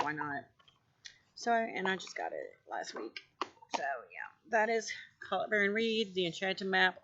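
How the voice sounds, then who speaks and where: A mid-pitched voice, neither high nor low, that gushes about oracle decks in a loose, rambling show-and-tell. The talk is full of "um"s, restarts and repeated words. The recording is a little dull and lo-fi. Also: fairly bright tone. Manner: gushing, rambling, many fillers and restarts. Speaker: oracle card collector showing decks. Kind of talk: casual show-and-tell vlog.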